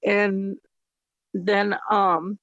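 A woman's voice: drawn-out words, dry recording. Woman telling a story with quoted dialogue. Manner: retells conversations with lots of "I go, she goes" quoting; animated, jumps high in pitch when quoting surprise. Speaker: interviewee sharing her faith testimony. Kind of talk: personal storytelling. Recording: dull, slightly lo-fi dry recording.

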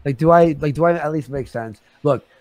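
A man in his thirties arguing heatedly on a live stream, agitated and swearing, talking in quick bursts full of restarts. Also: a little high. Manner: agitated, swearing, rapid shifts in loudness.

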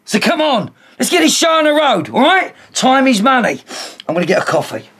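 An actor playing a brash young record label boss who talks bossy and defensive. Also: male voice, extremely high pitch, very animated, brisk, fairly bright tone, slightly rough, full character voice.

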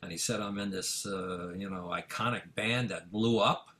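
An older man, a music manager, telling a story in an interview, full of fillers and acting out the dialogue with rising excitement. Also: sits low, normal speed. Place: office in Manhattan.

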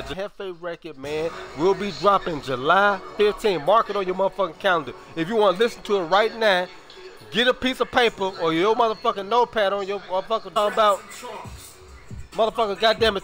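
A man's voice: high-pitched, a little fast, bright, forceful tone, faint music behind. A young man from Chicago with a Chicago accent, chatting casually on his stream in slangy, profane talk full of drawled repeats.

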